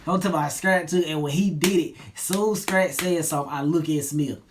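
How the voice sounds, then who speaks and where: A man's voice: moderate pace, background noise. Laid-back young man telling a story. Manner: laid-back slangy retelling, drops low and quiet at line ends. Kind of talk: casual storytelling.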